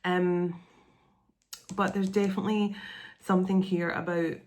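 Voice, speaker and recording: A middle-aged woman reads tarot and oracle cards for an online audience. Her voice sits somewhat low, and her delivery meanders, repeating phrases in an earnest, reassuring manner. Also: little pitch movement, unhurried, darkish tone. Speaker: tarot and oracle card reader. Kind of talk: channeled spiritual card reading.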